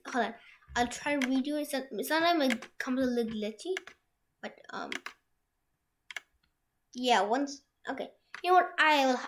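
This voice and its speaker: Young woman with a high voice walking through a software tutorial at home, kinda rambly, lots of um and restarts. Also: slight background noise. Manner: rambling, many restarts and fillers. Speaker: tutorial host. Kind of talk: screen-share software tutorial. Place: room at home with a printer.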